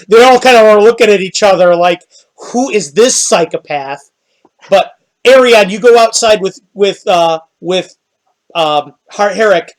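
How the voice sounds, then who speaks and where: High-voiced male game master narrating. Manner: descriptive, halting, with restarts and quick laughs.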